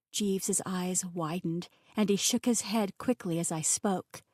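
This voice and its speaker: A woman narrating a fantasy romance audiobook in an expressive, scripted style, recorded close and dry. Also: fairly low pitch, unhurried, few pauses, no echo. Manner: expressive, voices the characters.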